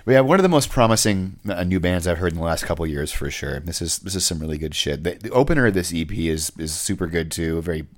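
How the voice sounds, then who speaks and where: A man's voice: low voice, lively intonation, fast talker, hardly any pauses. A man co-hosting a podcast, chatting casually and ramblingly about a band's record, with many restarts. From rural California. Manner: rambling, frequent restarts and laughter. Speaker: podcast co-host. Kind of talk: casual music review chat.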